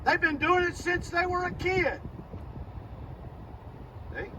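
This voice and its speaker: A man's voice: very high-pitched, slow, pauses often. A man preaching a sermon, pressing his points in short, repeated phrases. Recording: distant muffled recording with loud engine noise.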